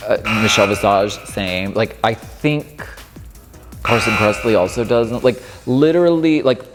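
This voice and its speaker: A man's voice: lowish voice, a little slow. A man in his thirties, a drag performer casually reacting to his old footage, chatty and amused. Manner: chatty, amused, lots of filler "like". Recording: long room reverb with faint music.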